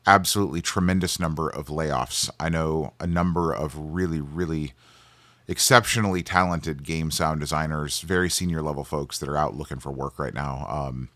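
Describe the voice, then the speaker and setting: A man's voice: rumbling low, normal speed, fairly bright tone, no room sound. A man in his forties, a game sound designer, answers viewer questions in a loose, casual way with lots of ums and restarts, and coughs now and then from allergies. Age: 40s.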